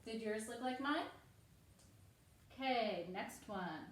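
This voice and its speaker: Woman, early-reading teacher at home, encouraging and clear, distant mic, roomy echo, light background hiss. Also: a little high, expressive. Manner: upbeat, encouraging, slow and clear for kids. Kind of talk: reading lesson for young children.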